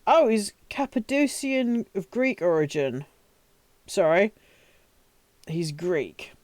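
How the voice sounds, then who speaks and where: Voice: medium pitch, sing-song, slow, no echo. A British streamer chatting casually on a live stream, rambling, swearing often and making self-mocking asides. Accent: British English. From Britain.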